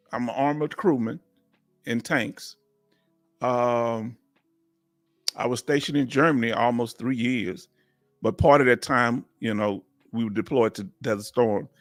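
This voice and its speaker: A man's voice: mid-range voice, a bit bright, no room sound. Southern man hosting a live chat. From Texas, United States. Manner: chatty and folksy, reading out viewer comments. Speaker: host of a veterans live chat. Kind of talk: casual live-stream chat.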